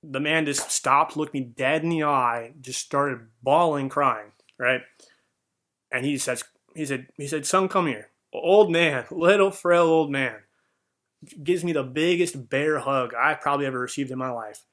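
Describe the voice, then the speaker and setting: A man's voice: mid-range voice, measured pace, a bit bright. A young man telling a heartfelt personal story in an earnest, rambling way, with fillers and restarts. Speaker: vlogger.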